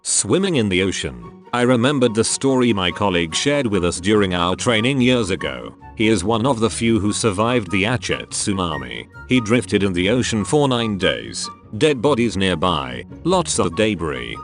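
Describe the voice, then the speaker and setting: Lively low-voiced man reading posts. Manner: reads titles, answers and comments one after another in a steady narrating voice. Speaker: narrator of a Reddit story channel. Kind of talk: reading online posts aloud.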